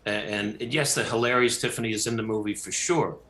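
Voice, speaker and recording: An older man tells a story with bright, forceful energy, rambling and restarting as he goes. His voice rings in a roomy studio. He speaks as a director being interviewed. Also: fairly low pitch, steady tone, brisk. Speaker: film director and actor, guest. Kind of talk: talk show interview.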